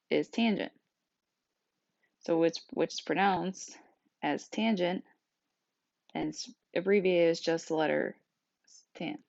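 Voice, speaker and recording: Lower-voiced woman teaching math. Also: creaky, a little mellow, no echo. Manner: patient step-by-step explaining. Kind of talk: recorded screencast lesson. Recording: dull dry lo-fi sound.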